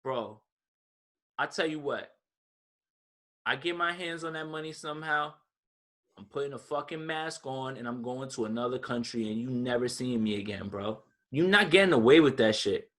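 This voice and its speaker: A man's voice: mid-range voice, moderate pace, a bit bright. A man co-hosting a podcast, ranting in casual chat with lots of profanity. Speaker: podcast co-host.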